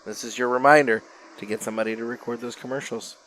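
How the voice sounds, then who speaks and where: A man hosting a podcast in casual chat, relaxed and easygoing, with frequent fillers. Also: mid-range voice, quick pace, slight background noise. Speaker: podcast host.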